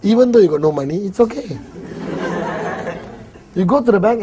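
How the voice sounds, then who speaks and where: High-voiced Malaysian man teaching a seminar. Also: moderate pace, long pauses, slight background noise. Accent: Malaysian English. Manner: animated, jokey, acts out little dialogues. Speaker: network marketing trainer. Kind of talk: live seminar talk.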